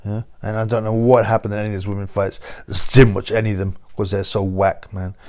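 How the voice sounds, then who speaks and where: A man's voice: lowish voice, flat delivery, fast talker, darkish tone. A man with a London accent giving a rambling, blunt monologue as host of a boxing channel. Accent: London English. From England. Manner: rambling, blunt, full of slang and asides. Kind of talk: casual opinionated monologue.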